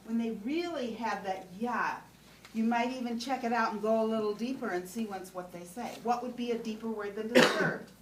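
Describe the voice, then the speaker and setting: Woman teaching a class, kinda high voice, keeps asking "okay?", sounds roomy and far from the mic. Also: moderate pace. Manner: talks with frequent "okay?" checks, asks the class questions. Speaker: trainer. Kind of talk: teaching a class on compassionate listening. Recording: roomy sound from a distant mic with faint background noise.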